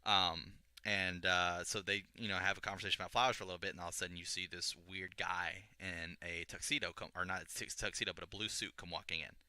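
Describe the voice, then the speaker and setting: A man's voice: low voice, level tone, fast talker, few pauses, bright, forceful tone, no room sound. A young man casually retelling a video game story to a friend, rambling with restarts and acting out the characters' lines. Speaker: podcast co-host explaining a game story.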